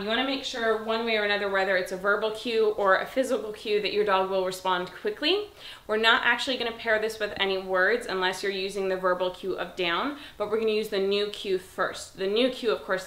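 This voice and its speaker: A woman dog trainer giving a calm, step-by-step demonstration and praising the dog. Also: mid-range voice. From Southern California. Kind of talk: instructional demonstration. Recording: echoey room.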